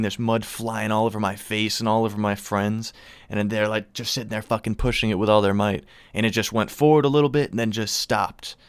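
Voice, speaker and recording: A young man spins a long, rambling story, cursing freely and chuckling at himself. His voice sits a little low. The recording is dry and close, with no room sound. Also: dry recording. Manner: rambling, profane, laughs at own story. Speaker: vlogger. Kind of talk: casual storytelling.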